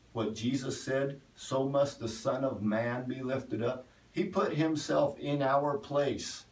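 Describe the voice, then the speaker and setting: A man's voice: mid-range voice, recorded from a distance. A man preaching a folksy online sermon, talking easily with cowboy turns of phrase. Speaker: pastor. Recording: echoey room, voice from off the mic.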